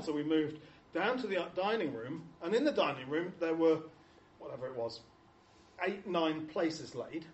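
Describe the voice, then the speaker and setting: A man's voice: on the high side, animated, normal speed, muffled recording. An Englishman giving a humorous talk to an audience, telling chatty, self-mocking stories and acting out the voices he quotes. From England. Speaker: speaker showing photos to an audience. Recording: echoey hall, distant mic, faint noise.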